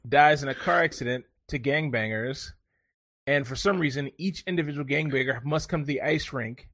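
Male co-host, jokey rambling storyteller, bright tone, dry close sound. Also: mid-range voice, no echo. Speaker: podcast co-host. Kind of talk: casual chat.

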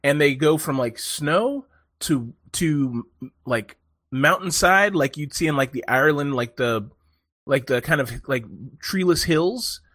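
A man telling a long story in casual chat, animated and rambling, with lots of fillers and swearing. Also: a little high, measured pace, no echo, studio quality.

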